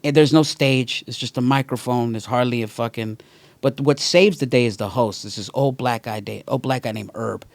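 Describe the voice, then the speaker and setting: A man who is a stand-up comedian and podcast host, telling an animated, profane story in casual chat. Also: medium pitch, moderate pace, gravelly, dry recording.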